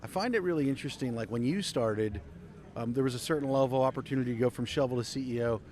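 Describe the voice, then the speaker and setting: A man of middle pitch hosts a live podcast chat in a loose, conversational way. He often stops to hunt for the right word before pressing on. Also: quick pace, a little mellow, a little hiss or hum. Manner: conversational, searches for words. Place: outdoor trade skills event.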